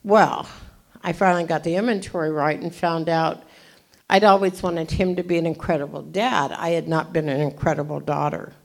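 Animated older woman telling her story. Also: low voice, moderate pace, vocal fry. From California. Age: 70s. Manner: animated, self-deprecating, jokey. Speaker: recovery meeting speaker. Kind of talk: storytelling talk.

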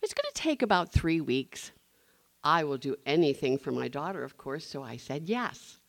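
Expressive woman sharing her recovery story. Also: low voice, normal speed, dry recording. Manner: expressive storyteller, acting out quoted voices, laughing often. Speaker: recovery meeting speaker. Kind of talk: personal testimony to a group.

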